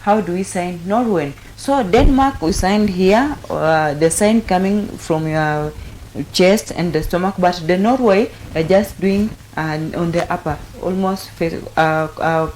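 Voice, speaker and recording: A woman hosting a sign language lesson, calmly repeating each word several times as she explains the signs. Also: lowish voice, unhurried, slight background noise, rough recording. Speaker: sign language teacher and host. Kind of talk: slow step-by-step instruction.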